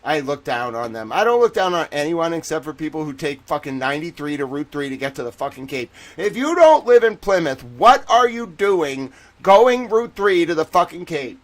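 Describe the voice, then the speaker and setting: A man's voice: a little high, normal speed. A man with a Boston accent hosting a casual livestream chat, ranting and joking with heavy swearing and frequent laughter while talking to viewers in chat. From Boston, Massachusetts. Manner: animated, jokey, laughs often; addresses chat viewers by name. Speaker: livestream host.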